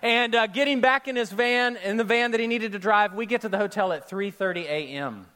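A man preaching a sermon, opening with a lively personal story and speaking straight to his congregation. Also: sits high, a little fast, clear, resonant tone. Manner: storytelling, animated, addresses crowd directly. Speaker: pastor.

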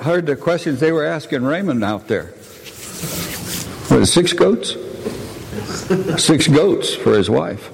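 A man's voice: medium pitch, creaky. A man preacher and missionary telling stories in a plainspoken sermon to his congregation in a church sanctuary. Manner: plainspoken, warm asides to the congregation. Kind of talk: folksy sermon storytelling. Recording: long church reverb, faint noise.

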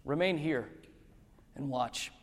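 A man voicing a solemn male teacher who speaks with slow, heavy sorrow, his lines a little lower than the reading around them. The voice is fairly high for a man and rings out with a long reverb, as in a big hall. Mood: sorrowful. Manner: slow, grave and deliberate.

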